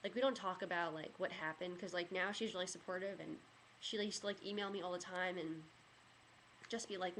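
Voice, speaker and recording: A young woman with a slightly low voice tells a personal story into her camera, rambling and leaning on "like" and "you know". She sounds emotional throughout, close to getting choked up, and a faint hiss runs under the recording. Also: steady tone, brisk, a bit bright. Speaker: vlogger.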